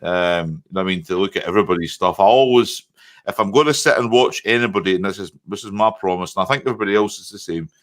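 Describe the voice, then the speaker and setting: A Scottish man guesting on a live stream, chatting in an animated way and often checking in with his listeners. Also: deep voice, fast talker. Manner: chatty, animated, keeps saying "you know what I mean". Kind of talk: casual chat.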